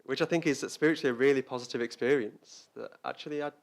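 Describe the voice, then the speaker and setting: Male Buddhist teacher, mid-pitched, reflective Dharma talk, halting with frequent restarts. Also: vocal fry. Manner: reflective, halting, repeats words while searching for them.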